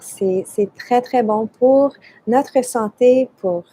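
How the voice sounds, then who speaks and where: Slow, mellow woman guiding laughter yoga. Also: medium pitch, slight background noise, rough recording. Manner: gentle, unhurried guidance mixing French and English. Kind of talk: live guided laughter yoga session. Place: indoors, alone.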